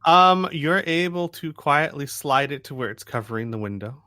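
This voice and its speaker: A man running a tabletop game as game master, relaxed and often hesitant, with many fillers. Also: a little high, moderate pace, no echo, studio quality.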